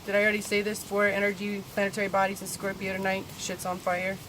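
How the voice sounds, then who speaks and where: A woman talking candidly in a personal spiritual vlog, confessional and swearing freely, her voice swinging between soft and loud. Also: medium pitch, monotone, quick pace, slight background noise. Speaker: spiritual vlogger.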